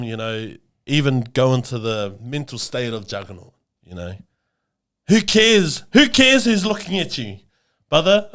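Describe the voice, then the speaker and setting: A man's voice: mid-range voice, fairly bright tone, clean tone. A man with a New Zealand accent co-hosting a comedic podcast, brash and laddish, tossing "mate" into nearly every phrase. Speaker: podcast co-host.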